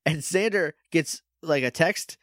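A man's voice: on the high side, unhurried, no room sound, clean studio sound. A young man co-hosting a podcast, chatting casually as he recaps an episode, acting out quotes and laughing often. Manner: animated, acts out quotes with laughter. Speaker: podcast co-host.

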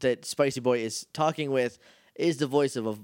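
In clean studio sound with no echo, a podcast co-host with a medium-pitched, clean-toned voice recaps an episode at normal speed. He chats casually and animatedly, acting out the characters' lines as he goes.

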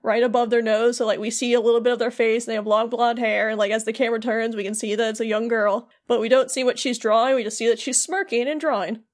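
A woman's voice: a little high, steady tone, fast, hardly any pauses. A young adult woman co-hosting a podcast, animatedly recapping a game story in casual chat. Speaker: podcast co-host.

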